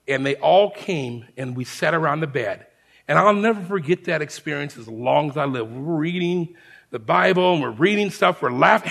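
A man preaching a testimony as a lively story, speaking to the congregation as friends. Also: on the high side, vocal fry. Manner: animated storyteller, shouts the sergeant's lines. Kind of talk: sermon storytelling.

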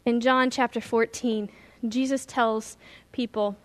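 A woman's voice: sits high, moderate pace, a bit bright. A woman pastor giving an earnest, emphatic sermon with stories.

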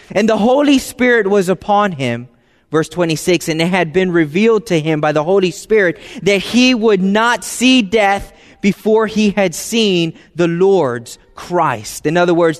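A man preaching a sermon as pastor, talking conversationally and dropping into soft, hushed tones for emphasis. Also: high voice. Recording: long hall reverb.

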